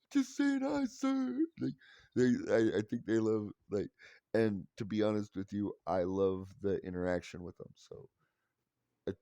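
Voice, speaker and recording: A man's voice: fairly low pitch, fairly even intonation, moderate pace, warm tone, smooth, no room sound. A man in his forties telling rambling, wry stories in a casual monologue, with frequent swearing. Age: 40s. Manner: rambling, profane, wry self-mocking. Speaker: vlogger.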